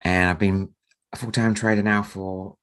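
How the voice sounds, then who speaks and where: A low-pitched man hosts a live trading webinar. His voice is croaky from a sore throat, and he talks softly on purpose to save it. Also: flat delivery, moderate pace. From Australia. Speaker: market strategist and trading mentor.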